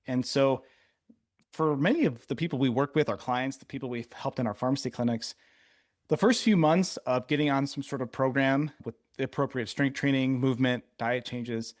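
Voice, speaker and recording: A man co-hosting a casual podcast at an ordinary middle pitch. He talks in an animated, teasing way and explains things at length. His voice is close and dry, with no room sound. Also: no room sound. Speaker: podcast co-host.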